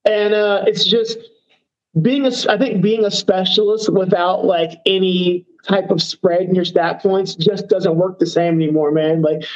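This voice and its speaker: Speaking high and steady without hurrying, a man comes through on lo-fi sound. He's a professional fighter chatting in an interview, meandering, heavy on fillers and quick to poke fun at himself.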